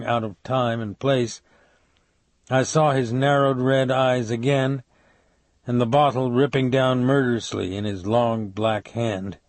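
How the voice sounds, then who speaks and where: A man narrating an audiobook in a steady, measured way on a close mic. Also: mid-range voice, no echo. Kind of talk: scripted narration.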